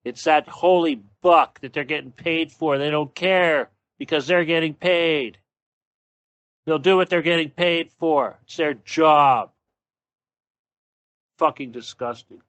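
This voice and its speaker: A man's voice: on the high side, slow, a bit bright, no echo. Profane, angry man ranting, dry sound. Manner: sarcastic, mocking. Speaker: show host. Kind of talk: solo political rant.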